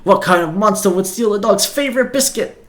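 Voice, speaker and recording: A fussy little dog professor lectures his class in a raised, yappy voice, as a man puts him on. He sounds eager and excitable, pitched well above an ordinary man's talk and pushed loud, like a cartoon game character. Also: brisk, close to an everyday voice. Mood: eager lecturing.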